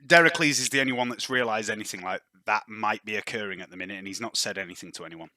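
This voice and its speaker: A man narrating as game master, lively, laughing often and correcting himself as he goes. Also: on the low side, quick pace, no room sound, studio quality.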